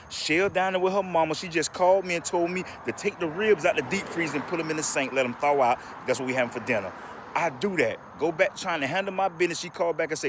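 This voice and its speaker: A man telling a comedic story in an exasperated, rapid way, recorded outdoors. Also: on the high side, fairly bright tone, slight background noise.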